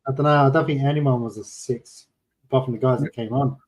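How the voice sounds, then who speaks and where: A man's voice: mid-range voice, fairly even intonation, brisk, a crowd in the background, poor audio. A man in a casual football podcast chat, sounding tired.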